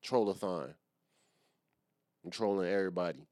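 A man's voice: sits low, normal speed, a little mellow, dry recording, clean studio sound. A young man hosting a casual solo podcast, rambling, swearing freely and mocking himself. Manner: rambling, profane and self-mocking. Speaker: podcast host.

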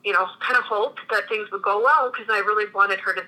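A woman's voice: mid-range voice, a little fast, sharp tone, poor audio. A woman in her thirties from Minnesota, telling her own story in a chatty way with many restarts. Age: 30s. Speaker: guest. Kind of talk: casual interview conversation.

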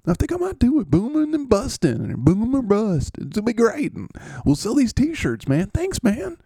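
A carefree, giggling Southern football player bubbles over in a squeaky high register. He leans on every "man" with giddy delight. The sound is close and dry, with a gravelly edge. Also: huge pitch swings, warm tone, dry recording, heavily acted. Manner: giddy, laughing, drawn-out "man". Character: cheerful Southern male football player, easygoing. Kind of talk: comedic character bit on a podcast.

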